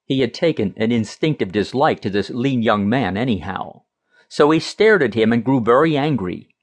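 A man reading an audiobook as narrator in an expressive, measured way. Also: medium pitch.

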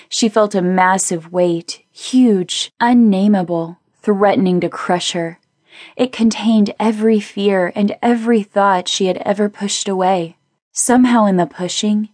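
A woman reading a novel aloud as an audiobook narrator, in a measured, steady way. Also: dry recording, clean studio sound. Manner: measured, voices characters with small pitch shifts. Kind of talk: scripted narration.

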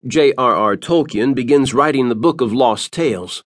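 A man narrating an audiobook with a dramatic, expressive reading. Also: mid-range voice, normal speed, no room sound, clean studio sound.

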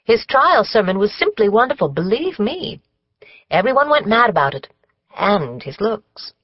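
A woman's voice: medium pitch, big pitch swings, normal speed, breathy edge, dry recording, muffled recording, pitched above the performer's own voice. A woman voicing a chatty, opinionated middle-aged village woman who draws out her words for emphasis. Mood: emphatic.

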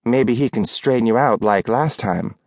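Man voicing a stern plump landlady, blunt, scolding, mid-pitched, dry close sound. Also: normal speed, a little mellow, no room sound, close to an everyday voice.

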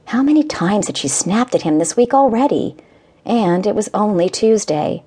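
A woman narrating a romance audiobook in a gentle, measured storytelling manner. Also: mid-range voice, lively intonation, slightly rough. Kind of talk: scripted narration.

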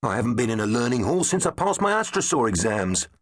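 A man's voice: medium pitch, big pitch swings, fast, no echo, voice pushed up. Hearty hungry stegosaur captain, played by a male narrator, bluff and eager, bouncy raised voice, dry studio. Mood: grumbling. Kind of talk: audiobook character voice.

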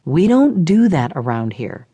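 A woman reading a calm, even-tempered lawman. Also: sits low, unhurried, breathy edge, full character voice. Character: calm steady man, lawman.

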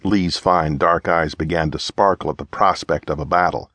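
A man reading a historical novel aloud as audiobook narrator, in measured storytelling. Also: very deep voice, fairly even intonation, a bit bright, dry recording. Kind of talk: scripted narration.

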